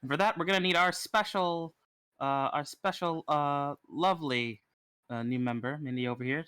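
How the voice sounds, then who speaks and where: A man's voice: fairly high pitch, moderate pace, bright, forceful tone, smooth, dry recording. A man playing in a casual tabletop role-play session, rambling playfully and laughing often. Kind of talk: casual in-character game chat.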